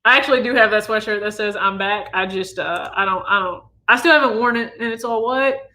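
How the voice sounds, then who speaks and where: A man's voice: high voice, quick pace. A man in his thirties from the US Midwest, casually answering viewer questions on a livestream. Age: 30s. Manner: relaxed, chatty, reads viewer questions aloud. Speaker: sneaker channel host.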